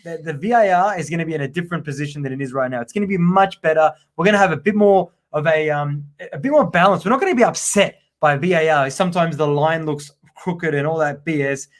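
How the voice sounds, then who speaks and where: A man's voice: on the high side, quick pace, few pauses. A man co-hosting a live football fantasy show in chatty, rambling, emphatic casual talk. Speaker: podcast co-host. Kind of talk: casual live-stream chat.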